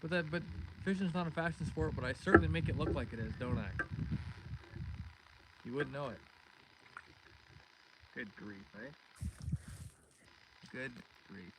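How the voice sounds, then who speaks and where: A man's voice: on the high side, normal speed, long pauses. A man hosting a live fishing stream from a boat outdoors, chatting casually and greeting viewers by name. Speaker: fishing livestream host. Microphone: phone streaming live. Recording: wind and outdoor noise.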